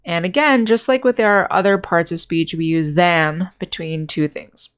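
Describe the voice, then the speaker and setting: Patient woman teaching grammar, lowish voice. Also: clean tone. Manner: patient, explains step by step with examples; slows to spell out and repeat example words. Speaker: English teacher. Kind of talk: grammar lesson.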